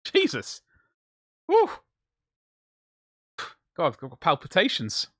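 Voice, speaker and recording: A man's voice: on the high side, huge pitch swings, slow pace, bright, forceful tone, dry recording, studio quality. A man streaming live while he paints, rambling and joking in casual banter with his chat. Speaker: livestreamer.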